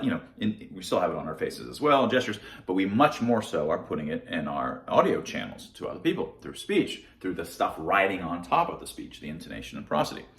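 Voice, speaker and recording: A man's voice: fairly low pitch, echoey room. A man giving a casual science explainer monologue to camera, conversational and often restarting his words. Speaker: science vlogger.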